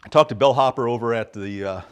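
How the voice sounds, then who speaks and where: A man's voice: medium pitch, quick pace, clear, resonant tone. A middle-aged man talking casually to his viewers in a folksy, rambling way, often calling them folks. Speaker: vlogger. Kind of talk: casual vlog monologue.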